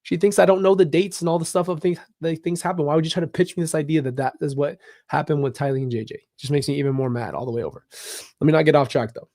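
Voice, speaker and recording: A man's voice: on the high side, quick pace, warm tone, no echo. Frustrated man talking bluntly, dry sound. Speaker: channel host. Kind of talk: casual commentary vlog.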